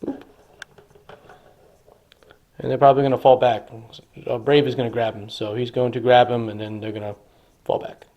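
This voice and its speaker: A man's voice: mid-range voice, flat delivery, moderate pace, pauses often, mellow, highs cut off. A man casually narrating a tabletop wargame battle report, enthusiastically dramatizing the action. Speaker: hobby wargamer.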